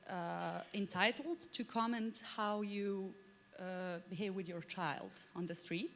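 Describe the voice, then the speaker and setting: A woman on a conference panel explaining her cultural onboarding program in a measured, explanatory way. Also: medium pitch, fairly bright tone, slight background noise. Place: conference hall. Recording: long hall reverb.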